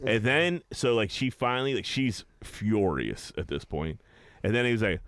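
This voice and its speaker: A young man hosting a podcast, telling an animated, profane story in casual chat and acting out other people's lines. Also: fairly low pitch, moderate pace, dry recording, clean studio sound. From Pittsburgh area, USA. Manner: animated storyteller, swears a lot, acts out customers' lines. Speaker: podcast host.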